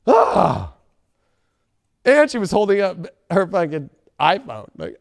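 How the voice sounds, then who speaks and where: A man giving a casual tarot reading, profane and joking, bursting into shouts and silly voices. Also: high voice, huge pitch swings, slow pace, vocal fry, pauses often, dry recording, studio quality. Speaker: tarot reader.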